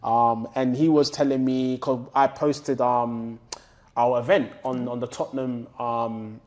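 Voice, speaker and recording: A man's voice: medium pitch, level tone, a little slow, darkish tone. Young man, podcast guest. Loose and rambling, slang-heavy. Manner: rambling, with many ums and slang. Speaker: guest, agency founder. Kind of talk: casual podcast chat.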